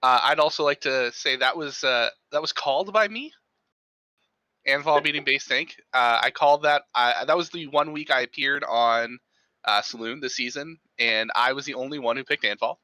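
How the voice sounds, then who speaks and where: A man co-hosting an esports awards show, bragging playfully and trailing off softly at the ends of his lines. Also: mid-range voice, moderate pace, no echo, poor audio. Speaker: awards co-host. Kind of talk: casual panel chat.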